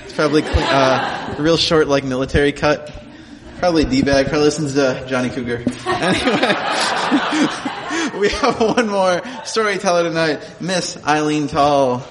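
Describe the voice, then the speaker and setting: A man's voice: on the high side, moderate pace. A man hosting a live storytelling show, casual, joking and profane. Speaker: host. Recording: very noisy live venue with long reverb.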